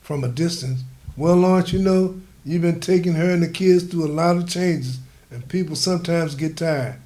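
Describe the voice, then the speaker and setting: A man reading a calm, matter-of-fact woman. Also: fairly low pitch, moderate pace, natural voice. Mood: measured.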